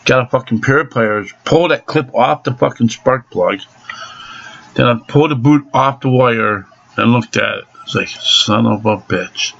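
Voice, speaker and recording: A man's voice: mid-range voice, creaky, a bit bright. Furious man, swearing vlog rant, dull home-recorded sound. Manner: angry, profane ranting. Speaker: angry car owner. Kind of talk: ranting vlog.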